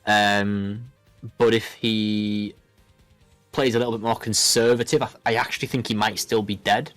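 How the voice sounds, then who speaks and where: A man's voice: on the low side, level tone, normal speed, a bit bright, no room sound. Man, card game commentator, rambling, casual, dry sound, faint background music. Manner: rambling, lots of fillers and restarts.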